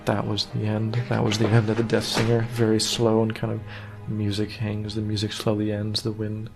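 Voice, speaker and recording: Low flat-voiced man giving director's commentary. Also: moderate pace, vocal fry, music in the background. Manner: earnest, meandering, casual. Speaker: director of an animated series.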